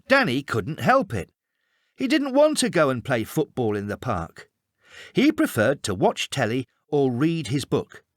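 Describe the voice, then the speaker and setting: A man reading a storybook aloud in a measured, expressive way. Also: medium pitch, dry recording, studio quality. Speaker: storybook reader. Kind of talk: storybook narration.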